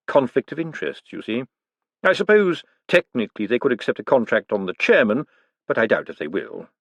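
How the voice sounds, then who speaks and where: An icy, measured aristocrat who drops each word with calm menace, as a male narrator puts him on. The voice moves with a lively rise and fall. It sounds close and dry. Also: mid-range voice, breathy edge, dry recording. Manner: slow, measured, precise and icy.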